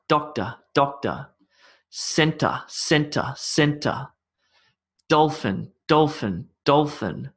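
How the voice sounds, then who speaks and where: A man's voice: mid-range voice, a bit bright. A man with an Australian accent teaching English pronunciation, repeating each word three times. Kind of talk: pronunciation drill lesson.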